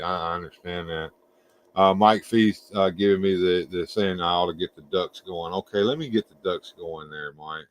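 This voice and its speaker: A man hosting a casual livestream, tired and out of breath, talking in halting, rambling bursts full of fillers and restarts. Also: deep voice. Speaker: livestream host. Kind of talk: casual livestream chat, reading viewer comments.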